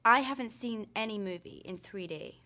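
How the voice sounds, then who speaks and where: A woman's voice: mid-range voice, lively intonation, moderate pace, bright, forceful tone. A woman, an actress, answering questions in a film press interview with enthusiastic, gushing storytelling.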